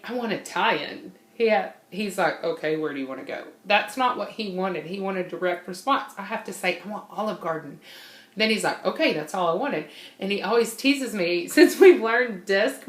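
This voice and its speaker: A woman's voice: medium pitch, echoey room. A woman giving an informal, bubbly personality-type training talk, laughing often and unable to sit still.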